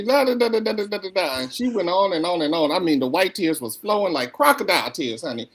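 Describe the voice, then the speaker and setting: Animated husky-voiced woman storyteller. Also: lowish voice, a little fast, few pauses. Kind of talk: casual podcast conversation.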